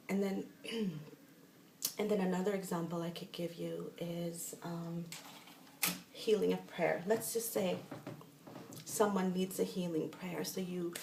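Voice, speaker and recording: Woman, casual spiritual teacher, rambling delivery, voice with a bit of fry, roomy echo and faint background noise. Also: fairly low pitch, fairly even intonation, a little slow, distant mic. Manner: rambling, restarting sentences. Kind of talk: casual guided instruction.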